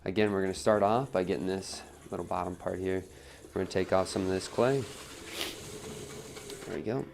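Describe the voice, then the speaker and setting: A man giving a relaxed live pottery demonstration at the wheel, talking through each step on a wireless mic in his studio. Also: low voice, normal speed, creaky, a little hiss or hum. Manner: relaxed, talks while working at the wheel, reads chat aloud. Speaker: pottery teacher streaming a demo. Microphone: wireless transmitter mic.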